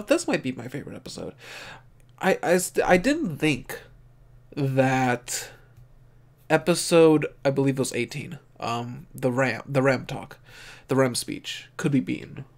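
A man giving casual, excitable reaction commentary as an anime reviewer, swearing and thinking aloud, openly moved. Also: mid-range voice, vocal fry. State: emotionally moved.

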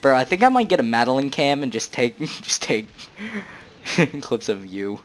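A young man hosting a casual let's-play, joking, excitable and full of slang as he comments on the game. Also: mid-range voice, moderate pace. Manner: slangy, joking, excitable, says "bro" a lot. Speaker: gaming channel host.

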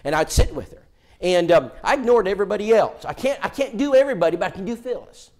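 A male preacher tells a story from the pulpit in a church, his voice set high and swinging widely in pitch. He acts out each exchange with animated energy. He stumbles and restarts phrases as he goes. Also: fast talker. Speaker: preacher, guest seminar speaker. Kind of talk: sermon storytelling.

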